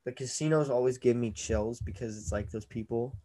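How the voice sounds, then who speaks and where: A man's voice: mid-range voice, warm tone. Playful, bickering podcast man. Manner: playful, quick to mock and bicker. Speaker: podcast host. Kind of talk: casual banter over a video call. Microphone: own mic on a video call.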